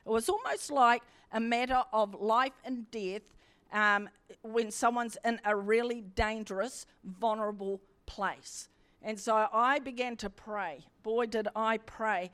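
A middle-aged woman preaches with fervent emphasis and circles back on her own phrases. Her voice sits a little higher than most women's. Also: steady tone, a little slow, a bit bright, clear, resonant tone. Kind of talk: sermon.

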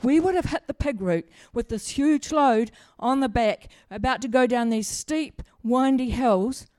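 A woman's voice: a little high, measured pace, dark tone, no echo, clean studio sound. A middle-aged woman, preaching a sermon in a chatty, humorous way and asking the congregation questions. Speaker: pastor. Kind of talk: sermon with personal stories.

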